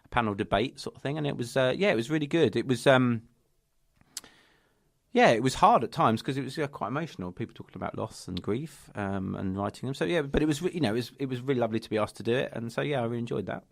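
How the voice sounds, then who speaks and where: A man co-hosting a podcast in casual chat, earnest and hesitant, with many pauses and ums. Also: medium pitch, lively intonation, creaky, dry recording. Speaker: podcast co-host and children's author.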